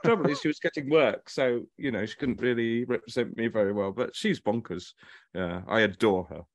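A man's voice: mid-range voice, fairly quick, no echo. A man, a writer and actor, chatting as an interview guest and telling stories with animation and chuckles. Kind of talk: casual chat on a video call.

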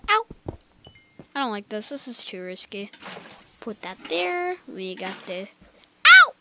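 A young woman gamer giving excitable, jokey live commentary and talking to her viewers as she plays. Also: on the high side, slow pace, very noisy.

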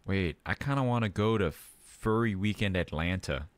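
A man's voice: sits low, normal speed, dry recording. A tired man streaming a game, chatting casually and playfully with his viewers. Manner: rambling, playful, easily excited. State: tired, sleepy.

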